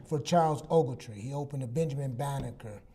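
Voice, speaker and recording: A man in his sixties telling personal stories on a talk show, animated and casual, acting out quoted dialogue. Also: mid-range voice, fast. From Southern US. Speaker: guest psychologist.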